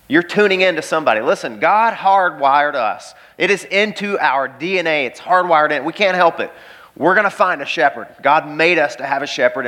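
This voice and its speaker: A man's voice: a little high, bright, forceful tone. A pastor preaching an emphatic sermon in a church, repeating key phrases and speaking straight to his listeners.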